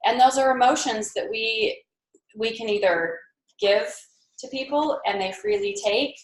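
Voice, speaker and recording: A mother presenting at a team training to a live group, telling animated stories and acting out quoted voices. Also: on the high side, unhurried. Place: meeting room with a live audience. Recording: echoey room.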